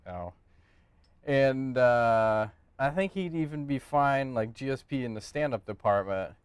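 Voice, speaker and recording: Man, podcast co-host, casual cursing fight talk, smooth clear voice. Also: mid-range voice, unhurried, no echo. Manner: profane, animated, breaks into joking bits. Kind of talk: casual sports chat.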